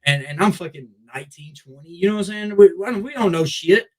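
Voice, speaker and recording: A young man, a wrestler, telling a long story in a casual, profane, animated way with many restarts. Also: sits high, quick pace, poor audio. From Memphis Mid-South area. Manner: profane, animated, repeats "I was like". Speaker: wrestler guest.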